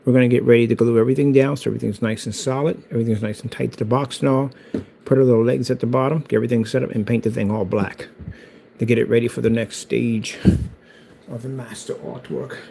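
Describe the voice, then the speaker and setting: Male vlogger, gravelly, excitable and rambling, faint background noise. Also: medium pitch, fast, poor audio. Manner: hyped, rambling, self-promoting. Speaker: DIY builder. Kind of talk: casual build vlog.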